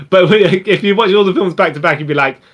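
A man co-hosts a casual podcast chat, rambling, often restarting his sentences and saying "yeah" a lot. His voice is high, a touch bright and a little fast.

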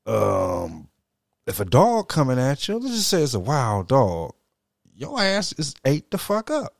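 A man's voice: mid-range voice, wildly swooping pitch, unhurried, gravelly, no room sound, clean studio sound. A middle-aged man in casual, profane chat, telling stories animatedly and slipping into quoted voices.

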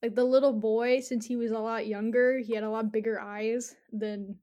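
A young woman chatting casually, retelling a dream in an animated, giggly way with lots of fillers. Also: on the high side, moderate pace.

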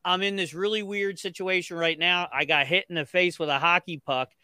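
A gruff man who jokes at his own expense and talks with a slight lisp from a missing tooth, as a guest chatting on a podcast. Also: sits high, steady tone, brisk, pushed and bright, no echo. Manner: gruff, joking, self-deprecating. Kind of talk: casual chat.

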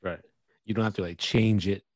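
A man with a low, mellow voice co-hosts a podcast in a laid-back way, often chiming in with brief reactions. The sound is dry and close to the mic. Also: fairly even intonation, moderate pace, dry recording. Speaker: podcast co-host. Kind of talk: casual chat.

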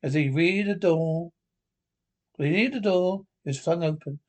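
A man's voice: a little high, moderate pace. A man narrating a storybook aloud in an unpolished reading with slips and restarts.

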